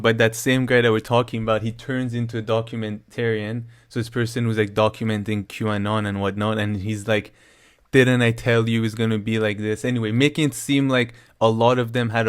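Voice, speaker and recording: A man co-hosting a relaxed discussion of the news. He rambles in a loose, chatty way, leaning on "like" and "I mean" and laughing quickly between points. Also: medium pitch. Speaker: co-host of a news discussion show. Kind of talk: casual political chat.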